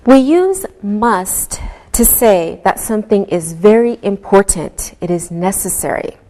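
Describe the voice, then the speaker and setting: Woman English teacher, unhurried classroom delivery, even mid-range voice. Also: medium pitch. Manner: slow, clearly enunciated teaching voice. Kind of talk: slow classroom instruction.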